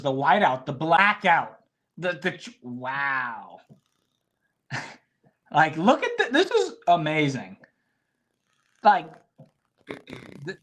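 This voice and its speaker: Guy on a sports podcast, super animated voice, gets hyped reacting to stuff. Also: on the high side. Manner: excitable, reacts out loud. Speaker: podcast co-host. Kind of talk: casual sports chat.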